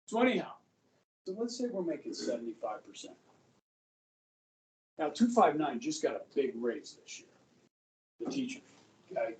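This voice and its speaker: A middle-aged man teaching a high school history class, chatting and joking, often checking in with his students. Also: sing-song, moderate pace, long pauses, a little hiss or hum. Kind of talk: classroom lecture. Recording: echoey classroom, voice from far off.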